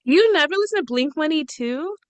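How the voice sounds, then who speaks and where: A woman's voice: sits high, expressive, fast talker, dry recording. A woman of middle age co-hosting a podcast, chatting casually with wry humor, laughing often and swearing freely. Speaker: podcast co-host. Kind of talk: casual gossip chat.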